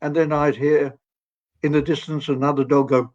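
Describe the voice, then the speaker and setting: A man in his eighties from England, telling stories as a guest in a gentle, rambling way and laughing often. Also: on the high side, level tone, normal speed. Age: 80s. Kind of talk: storytelling interview. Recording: dull lo-fi audio.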